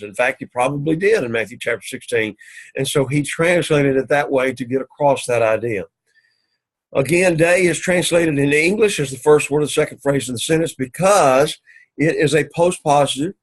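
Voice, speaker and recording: A man teaching an introductory Greek class, explaining line by line and sounding out Greek words slowly and carefully. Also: on the high side, low-quality recording. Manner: methodical, repeats "so again", slow careful Greek pronunciation. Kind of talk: recorded class lecture.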